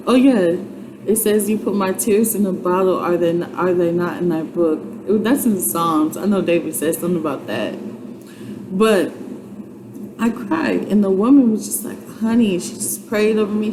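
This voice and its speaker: Earnest chatty woman, noisy background. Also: mid-range voice. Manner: chatty and earnest, repeats herself, many fillers. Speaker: vlogger sharing a personal testimony. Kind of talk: casual heartfelt testimony. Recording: clear background noise.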